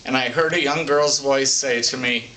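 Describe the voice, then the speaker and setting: An older man speaking as a psychic medium, telling stories from his life in a plainspoken, folksy, unhurried way for an oral history. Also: medium pitch, steady tone, bright, forceful tone. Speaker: psychic medium recounting readings. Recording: distant mic with faint background hiss.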